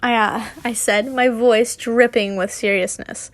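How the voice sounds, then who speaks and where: A young woman reads a fanfiction chapter aloud in a slightly high voice. She takes her time, laughs often, and drifts into chatty tangents, stumbling over her words. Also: fairly even intonation, unhurried, few pauses. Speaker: fanfiction reader. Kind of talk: casual reading aloud with asides.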